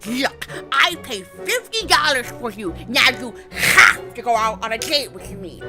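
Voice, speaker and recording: A woman's voice: fairly high pitch, sing-song, a little slow, over music. A woman voicing a pompous, entitled man who talks eagerly and whines when refused. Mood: whiny, angry. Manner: eager and whiny, turning to shouting.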